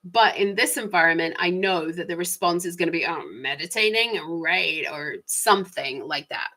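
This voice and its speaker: A woman's voice: on the low side, normal speed, sharp tone. A woman talking through personal stories in a casual, reflective monologue, chatty and laughing lightly now and then. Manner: chatty, frequent small laughs, shifting pace. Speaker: vlogger.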